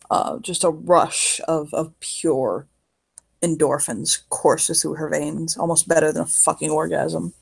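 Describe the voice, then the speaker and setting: A player describing a character's actions in a tabletop horror game, halting and casual, swearing freely. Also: mid-range voice, creaky, husky. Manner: halting, casual, swears often, many fillers.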